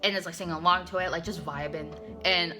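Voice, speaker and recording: A woman hosting a casual comic recap, talking in a chatty, animated way with many fillers. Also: lowish voice, quick pace, music in the background.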